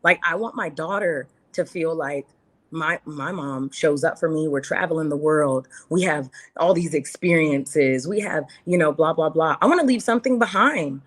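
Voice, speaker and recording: Speaking at a moderate pace in a low voice, this woman is a guest on a podcast interview. Her candid, heartfelt earnestness comes through as she repeats certain phrases for emphasis.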